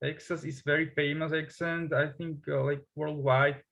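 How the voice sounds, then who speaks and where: A man interviewing a guest in a casual conversation, talking hesitantly with many pauses and restarts. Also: fairly high pitch, level tone, vocal fry, fairly bright tone, poor audio. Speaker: English tutor, interviewer.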